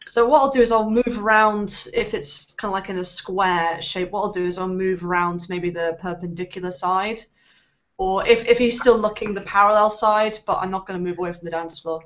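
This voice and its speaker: A woman at mid pitch talks through her character's moves at a tabletop game, loose and chatty with plenty of ums. The recording is a bit dull and lo-fi. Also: fairly even intonation, fairly quick. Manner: chatty with many fillers. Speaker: player. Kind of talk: tabletop role-play chat.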